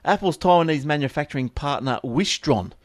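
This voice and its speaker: A man's voice: on the high side, expressive, fairly quick, dry recording, clean studio sound. A man co-hosting a casual tech podcast, joking, laughing often and reading news items aloud. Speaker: podcast co-host.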